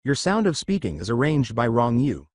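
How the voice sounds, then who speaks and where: A boisterous male English teacher mangles his grammar with great enthusiasm, as a man puts him on. The delivery bounces lively up and down in a dry, close recording. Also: medium pitch, moderate pace, dry recording. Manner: exaggerated broken English. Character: loud adult male English teacher, broken English.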